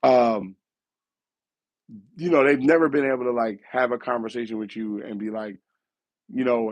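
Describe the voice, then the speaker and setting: A man's voice: medium pitch, lively intonation, unhurried, pauses often, no echo. A man hosting a casual gaming talk show, rambling and correcting himself as he thinks aloud, his voice worn from a recent cough. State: getting over a cough, losing his voice. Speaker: show host.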